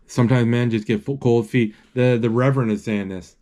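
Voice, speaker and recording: A man retelling a film as it plays, describing scenes and reading lines aloud in a halting way with many restarts. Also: mid-range voice. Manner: halting, restarts often, reads out dialogue flatly. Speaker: movie narrator. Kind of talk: casual live retelling of a film.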